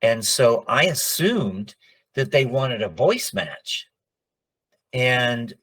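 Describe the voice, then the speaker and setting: Brief: middle-aged male voice actor, unhurried, mid-pitched, spins anecdotes and performs the quotes. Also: husky. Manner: animated, acts out quoted dialogue. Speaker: voice actor guest. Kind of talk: casual interview storytelling.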